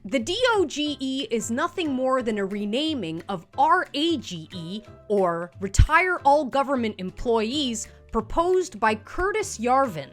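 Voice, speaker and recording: A woman hosting a satirical comedy show, delivering scripted commentary in a sarcastic, punchy way. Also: a little high.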